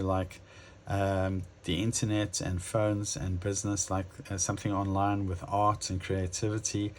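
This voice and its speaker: Man, lowish voice, tarot reader, casual, hesitant, talks straight to viewers. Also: a little hiss or hum. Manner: musing, hesitant, many fillers and restarts; addresses viewers directly.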